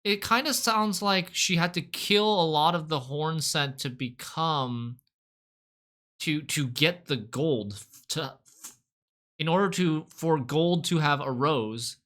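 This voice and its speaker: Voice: mid-range voice, takes it slowly, fairly bright tone. A streamer reacting on a live stream, thinking aloud and asking unsure questions about the game's story.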